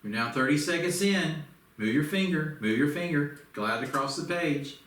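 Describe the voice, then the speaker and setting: A man teaching a speed reading lesson, giving an energetic coach-like pep talk and counting aloud. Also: a little high, moderate pace. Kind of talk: motivational lesson. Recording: roomy, distant from the mic.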